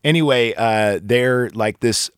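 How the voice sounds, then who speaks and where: A man chatting casually on a podcast, rambling through a film recap with crude jokes and plenty of fillers. His voice sits in a middle pitch, recorded dry and close with no room sound. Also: slow pace, clean tone, no room sound. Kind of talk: casual chat.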